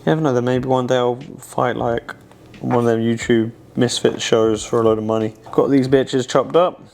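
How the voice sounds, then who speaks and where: A man, chatting casually in a cooking vlog, sweary, rambling and self-mocking in a home kitchen. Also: medium pitch. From England. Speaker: pro fighter cooking on his channel.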